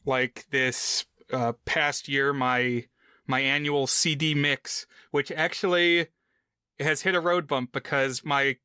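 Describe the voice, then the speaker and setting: A man with a bright, crisp voice, a touch higher than most, talking in a dry, close-miked podcast sound. He is measured and reflective, posing questions and sharing memories in casual chat. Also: fairly even intonation, dry recording. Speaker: podcast co-host.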